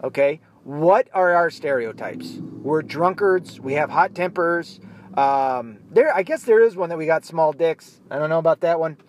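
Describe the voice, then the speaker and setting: A man's voice: a little high, expressive, normal speed, a little hiss or hum. A man in a heated solo rant, talking bluntly and swearing a lot. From United States.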